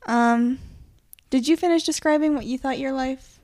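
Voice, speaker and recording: A young woman in casual chat, speaking in a relaxed, frank way. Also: high voice, moderate pace, a crowd in the background.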